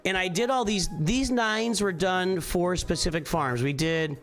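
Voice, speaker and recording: A middle-aged man hosts a laid-back morning live stream, his voice sitting fairly high. He rambles and restarts sentences as he thinks aloud. Faint music plays quietly under his talk. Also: measured pace. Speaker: streamer and channel host. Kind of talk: casual live-stream chat.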